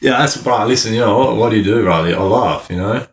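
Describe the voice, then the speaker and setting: Laughing Australian man, low voice, slangy. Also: fairly quick. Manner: laughs often, heavy slang. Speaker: livestreamer. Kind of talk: casual live-stream chat.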